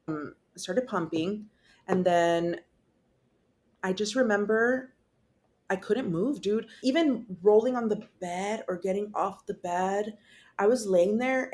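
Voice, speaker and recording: A woman's voice: mid-range voice, slow, a little mellow. A young woman, a podcast guest, telling her personal story in a candid, casual way with swearing, fillers and restarts.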